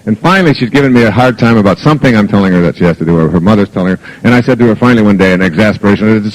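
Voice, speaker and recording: A man's voice: lowish voice, rapid-fire, hardly any pauses, poor audio. Middle-aged man telling funny stories. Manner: humorous anecdotal storytelling. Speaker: motivational speaker. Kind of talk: live lecture to an audience.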